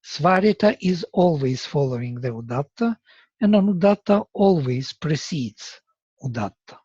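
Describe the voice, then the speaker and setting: A man lecturing slowly and deliberately, explaining terms with chanted examples. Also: fairly high pitch, expressive, darkish tone, husky, no echo. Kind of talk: university lecture. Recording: dull, lo-fi lecture recording.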